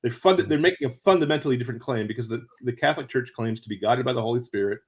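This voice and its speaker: Speaking as an interview guest, this author spins animated stories full of stammered restarts and brief laughs, his slightly rough voice leaping high and excited when he imitates other people's words.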